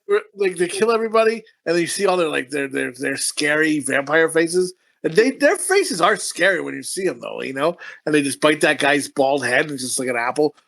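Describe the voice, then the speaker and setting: A man co-hosting a podcast, chatting casually and excitedly about a film, swearing often and breaking into loud laughter. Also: on the high side, a little fast, vocal fry, few pauses. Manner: profane, excitable, laughs loudly. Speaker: podcast co-host. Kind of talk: casual film review chat.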